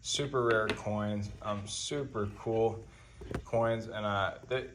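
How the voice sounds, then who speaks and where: A man hosting a coin-collecting video channel, talking casually to camera in a relaxed, rambling way, with many ums and uhs. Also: on the low side, a little hiss or hum.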